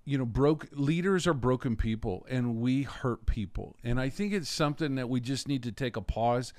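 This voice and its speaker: Deliberate male podcast co-host, dry sound. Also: medium pitch, darkish tone, no room sound. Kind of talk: conversational interview.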